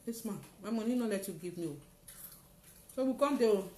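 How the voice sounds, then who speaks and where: A woman's voice: a little high, fairly quick. Nigerian woman telling a dramatic story. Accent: Nigerian Pidgin. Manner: dramatic storytelling, acting out shouts. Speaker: testifier. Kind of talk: personal story. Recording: roomy echo, faint noise.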